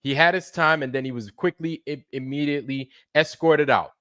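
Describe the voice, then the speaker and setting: A man in a heated livestream rant, cursing freely and circling back over the same points. His voice drops to low mutters, then jumps up into loud bursts. The sound is dry and close, with no room echo. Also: fairly quick, clean tone. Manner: profane, repetitive, swings between muttering and shouting. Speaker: live streamer.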